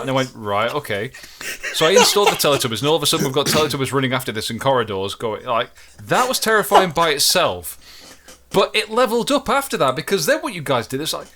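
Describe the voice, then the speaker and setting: A man's voice: medium pitch, fairly quick, slight background noise. A young man co-hosting a gaming podcast, telling stories in casual chat and acting out the panicked voices in them. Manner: animated storyteller, acts out panicked shouts. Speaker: podcast co-host.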